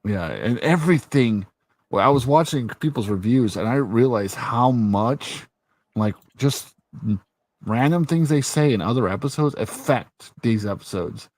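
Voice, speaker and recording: Speaking at a measured pace with no room sound, this host has a mid-range male voice. His casual chat is full of retold scenes, plenty of swearing, and frequent laughter from a lively storyteller.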